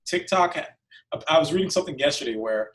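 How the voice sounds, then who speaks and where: A man's voice: fairly high pitch, lively intonation, brisk, fairly bright tone, distant mic. A man hosting a casual business podcast, earnest and often restarting his words. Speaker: podcast host, business owner.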